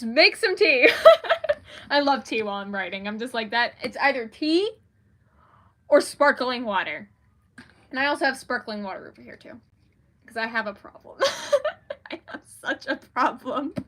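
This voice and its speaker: Young woman, bright clear voice, slightly high, giggly, rambling livestream chat. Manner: giggly, rambling, self-deprecating. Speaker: author livestreaming.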